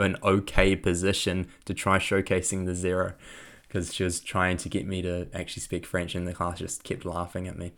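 A young man telling a personal story in a reflective way, laughing often and filling pauses with lots of ums. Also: sits low, completely flat delivery, fairly bright tone.

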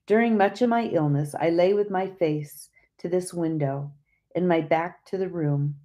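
Woman audiobook narrator: low, mellow, calm and measured. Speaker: audiobook reader. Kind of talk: scripted narration.

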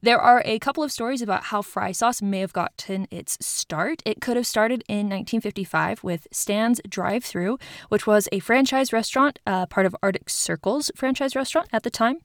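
A woman's voice: fairly high pitch, dry recording, studio quality. A woman from Utah, hosting a podcast in a casual informative tone, chatty and self-deprecating, with little asides. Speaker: podcast host.

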